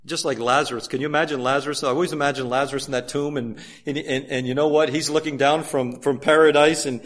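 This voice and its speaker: A man preaching a sermon emphatically, asking many rhetorical questions and swinging from loud urging to hushed asides. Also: medium pitch, fairly even intonation, fast talker.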